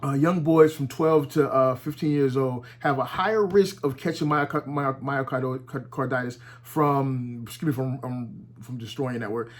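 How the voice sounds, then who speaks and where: A man giving casual, animated commentary at home, talking with heavy profanity and frequent restarts. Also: medium pitch, unhurried, few pauses. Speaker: commentary vlogger. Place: at home with his dog nearby.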